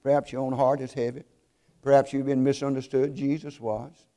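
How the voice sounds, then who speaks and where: A man preaching a sermon, telling stories earnestly and slowing down to stress key points. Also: mid-range voice, flat delivery, dark tone. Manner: earnest storytelling, slows for emphasis.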